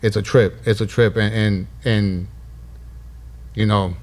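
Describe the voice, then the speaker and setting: A man's voice: fairly low pitch, a little slow. Male podcast host, laid-back, chatty, emotional, lots of fillers. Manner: relaxed, warm, many fillers like "man" and "yeah". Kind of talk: casual conversation.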